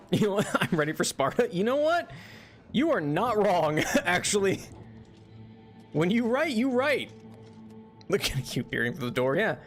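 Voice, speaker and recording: A man's voice: high voice, sing-song, unhurried, long pauses, faint music behind. Laughing, chatty male game streamer. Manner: chatty, laughs often, rambling with restarts. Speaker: VTuber streamer. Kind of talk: casual gameplay commentary.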